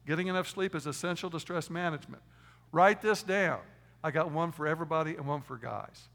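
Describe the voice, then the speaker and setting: Gravelly-voiced male preacher in a big hall. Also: brisk. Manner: emphatic preaching, swings from loud stresses to quiet low asides. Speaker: pastor. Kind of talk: sermon.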